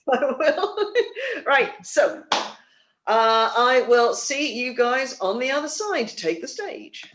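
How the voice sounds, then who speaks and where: A woman hosting a live play reading, talking casually and joking at her own expense. She chats at a middle pitch into a home video call mic, giving the setup for each scene. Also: very animated, very slow, noisy background. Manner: chatty, jokey, self-deprecating. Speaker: book-holder and host. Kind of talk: casual live-stream introduction.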